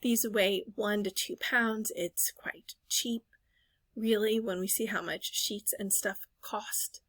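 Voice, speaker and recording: Bright-voiced woman in her 30s rambling about thrift finds, voice-over, dry close sound. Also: medium pitch, steady tone, a little slow, no echo. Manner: rambling, chatty, self-correcting, with fillers. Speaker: reseller vlogger. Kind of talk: casual voice-over chat.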